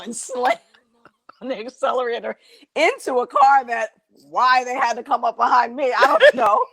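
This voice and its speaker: A woman of medium pitch, recorded with no room sound, is a guest singer telling a comic story. She's lively throughout, laughing and putting on voices as the story unfolds.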